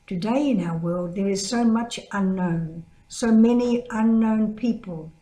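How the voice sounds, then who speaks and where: An older woman, a religious sister, giving a gentle spoken reflection built around a story, lifting her voice to act out the people she quotes. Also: unhurried. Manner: storytelling, acts out quoted voices with higher pitch. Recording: echoey room.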